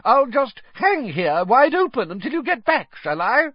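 A man's voice: very high voice, big pitch swings, normal speed, husky, no echo, lo-fi sound, voice pushed up, exaggerated voice. A man putting on an irritable, sarcastic portrait lady. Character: irritable haughty woman in a portrait.

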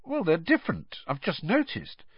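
Blunt, snappy teenage boy in a storybook reading, voiced by a man, husky and dry. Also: high-pitched, huge pitch swings, normal speed, no echo, pitched above the performer's own voice, full character voice. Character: blunt, touchy teenage schoolboy. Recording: dry, slightly muffled.

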